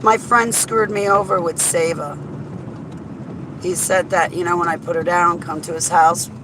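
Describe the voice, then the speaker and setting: A woman's voice: on the low side, fairly even intonation, moderate pace. Rambling woman vlogging from her car. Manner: rambling, talks to herself and to viewers by name. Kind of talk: casual driving vlog chat. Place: inside a car on a highway. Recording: road and wind noise in a car.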